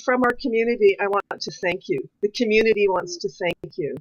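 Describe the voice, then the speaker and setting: A woman from a church community giving earnest thanks and leading an affirmation, slowing on key phrases. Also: medium pitch, no room sound, muffled recording. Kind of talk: heartfelt formal thanks in a church service.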